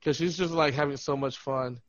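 A man's voice: fairly high pitch, brisk, no echo, highs cut off. A man telling a funny story in casual podcast chat, laughing and acting out what people said. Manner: animated, laughing, acts out quotes. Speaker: podcast host.

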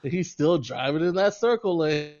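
A man's voice: fairly high pitch, lively intonation, normal speed, darkish tone. A man co-hosting a podcast in casual chat, rambling through stories and giggling as he goes. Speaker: podcast co-host. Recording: slightly dull lo-fi sound.

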